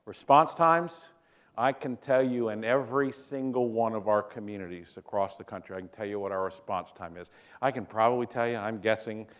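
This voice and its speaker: A middle-aged man, a physician, giving a conference talk in a joking, storytelling way and putting questions to the audience. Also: lowish voice. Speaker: physician speaker.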